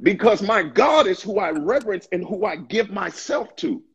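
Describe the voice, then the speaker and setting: A man in a casual faith discussion, talking in an impassioned, preachy way with stammering restarts and a husky voice. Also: high-pitched, expressive, moderate pace, muffled recording.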